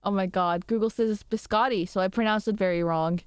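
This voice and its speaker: A woman's voice: medium pitch, fairly even intonation, fast, darkish tone, clear, resonant tone, no room sound, studio quality. A young woman streamer chatting casually with her viewers, rambling, giggly and self-deprecating.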